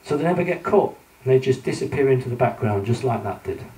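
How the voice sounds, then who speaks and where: A man with a mellow, average-pitched voice addresses a live audience from the front of a room, talking through his slides in a loose, conversational way. He stumbles and restarts often, filling the gaps with ums. The mic sits some distance away in a roomy hall. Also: animated, brisk. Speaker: public speaker lecturing with slides.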